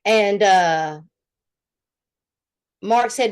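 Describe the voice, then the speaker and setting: A woman from Alabama with a Southern accent, co-hosting a casual gossip chat and telling stories in a mocking, animated way. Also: mid-range voice, unhurried. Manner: animated, mocking storytelling with laughter. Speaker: co-host.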